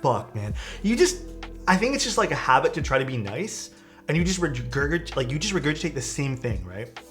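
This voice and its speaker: A man's voice: a little high, sing-song, fairly quick, a bit bright, soft background music. A young man streaming from home, telling stories in a casual, laid-back way and swearing often.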